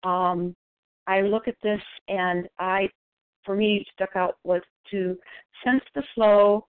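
A woman sharing thoughtfully at a recovery meeting by phone, pausing with fillers. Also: lowish voice, flat delivery, clean tone, no echo. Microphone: phone call. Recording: dry phone-line audio.

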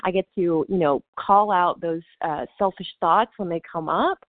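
Woman, low-pitched, casual filler-heavy share, phone-quality audio. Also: normal speed, no echo. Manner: casual, many fillers like "you know" and "like". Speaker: meeting member sharing. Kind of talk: personal recovery share. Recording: tinny phone-like call audio.

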